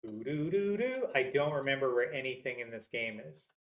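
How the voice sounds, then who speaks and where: A gamer reads an old adventure game's text aloud and cracks wry jokes along the way. The pitch moves a lot and the delivery stays casual. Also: animated, moderate pace, soft background music. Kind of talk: let's play commentary, reading game text.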